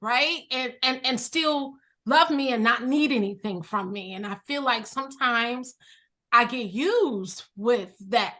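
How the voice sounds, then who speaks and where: A woman's voice: on the high side, unhurried, pushed and bright. A woman guest, an entrepreneur and coach, chatting animatedly and emotionally with a friend, often laughing. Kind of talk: casual chat among friends.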